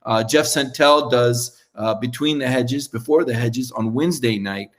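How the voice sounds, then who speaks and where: A man's voice: medium pitch, moderate pace. Male sports host, chatty and rambling, closing a live show. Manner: chatty, rambling with fillers and restarts. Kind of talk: live show sign-off monologue.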